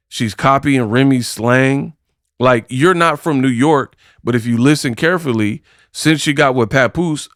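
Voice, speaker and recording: Boxing commentary host, smooth clear voice, dry close sound, exasperated rant. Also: male voice, medium pitch, a bit bright, dry recording. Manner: exasperated, lots of rhetorical questions.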